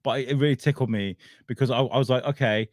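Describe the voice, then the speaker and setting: A man's voice: medium pitch, steady tone, fast, no room sound, studio quality. A man co-hosting a podcast in casual banter, reading out stories with laughs and swearing. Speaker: podcast co-host.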